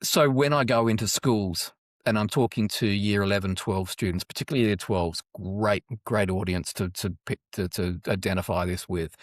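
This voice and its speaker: A middle-aged Australian man telling a story casually in an interview, rambling with many restarts and getting animated when he quotes people. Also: lowish voice, normal speed, no room sound, studio quality. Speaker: guest, anti-trafficking charity worker.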